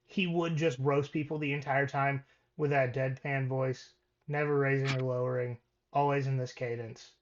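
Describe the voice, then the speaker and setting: A man's voice: mid-range voice, little pitch movement, normal speed. Man talking football stats, dull sound. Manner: reads stats with many ums and restarts. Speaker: podcast co-host. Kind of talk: casual sports talk.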